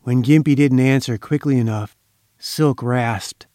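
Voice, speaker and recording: A man reading a crime story aloud in measured, dramatic audiobook narration. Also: mid-range voice, mellow, dry recording, studio quality.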